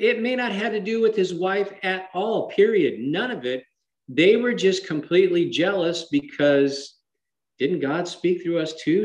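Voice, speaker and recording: A man with a rather high voice leads a Bible study, talking in an animated, conversational way. He keeps throwing rhetorical questions at his listeners, and the room around him sounds echoey. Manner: animated, with dramatic shifts in emphasis. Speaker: Bible teacher.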